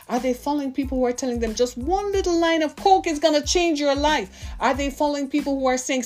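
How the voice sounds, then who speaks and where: A woman in her fifties delivers a heartfelt sermon, pressing her listeners with question after question. Her voice sits a little high for a woman. Soft music plays faintly behind her. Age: 50s. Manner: impassioned, full of rhetorical questions to listeners. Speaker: preacher.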